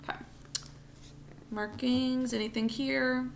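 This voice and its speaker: A woman teaching a recorded spelling lesson, sounding out words slowly, syllable by syllable, for students at home. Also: sits high, steady tone, vocal fry, a little hiss or hum.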